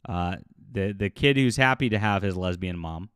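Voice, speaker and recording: A man's voice: deep voice, normal speed, a bit bright, smooth, no echo, clean studio sound. Scornful male video commentator. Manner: scornful, mocking, laughs often, many fillers. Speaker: YouTube commentator. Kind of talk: casual commentary vlog.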